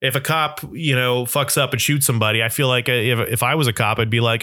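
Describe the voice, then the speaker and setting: A man's voice: mid-range voice, fairly even intonation, brisk, bright, forceful tone, no room sound. A man in a casual, profane political rant, sarcastic and often laughing.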